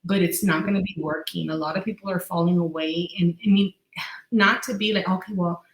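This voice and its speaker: Woman, podcast co-host, animated storyteller, lowish voice, roomy echo. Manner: animated storyteller who acts out quoted voices. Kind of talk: casual spiritual podcast chat. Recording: echoey room.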